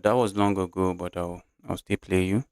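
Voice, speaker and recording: A man's voice: sits low, steady tone, normal speed, a little mellow, clean tone, dry recording. A man with a Nigerian English accent, streaming chess live, talking through his moves and answering his chat in a chatty way.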